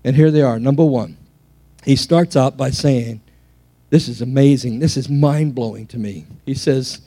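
A pastor from England preaching an animated sermon to a church, telling stories with frequent restarts. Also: male voice, medium pitch, a little slow.

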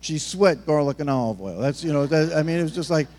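A man's voice: a little high, quick pace, darkish tone. A man preaching a sermon in a rambling, joking, storytelling way. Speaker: pastor.

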